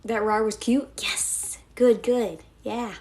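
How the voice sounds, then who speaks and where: A woman's voice: a little high, fairly even intonation, slow, a little mellow. A young woman live-streaming, chatting casually and giggling as she thanks her viewers.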